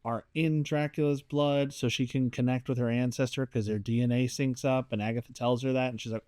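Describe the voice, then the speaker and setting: A man chatting casually as a podcast co-host, animated, acting out characters' lines as he talks. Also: mid-range voice, fairly quick, few pauses, clean tone, dry recording, clean studio sound. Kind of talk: casual chat reviewing a series.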